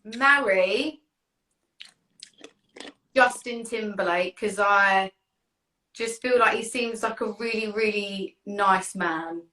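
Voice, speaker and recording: A woman's voice: mid-range voice, takes it slowly, pauses often, pushed and bright, far from the mic, slight background noise. Giggly British woman in an echoey room. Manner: giggly, hesitant. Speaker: guest. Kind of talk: casual live stream chat.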